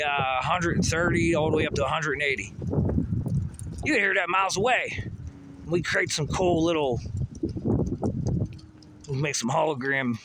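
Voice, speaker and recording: A man delivering a rambling, profane monologue full of pseudo-technical talk, recorded outdoors near a busy road. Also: on the high side. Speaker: vlogger. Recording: outdoor traffic noise.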